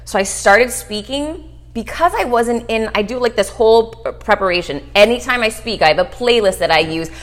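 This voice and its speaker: A middle-aged woman guest telling a story fast and animated in an interview, acting out quotes as she goes. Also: a little high. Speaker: guest, author and speaker.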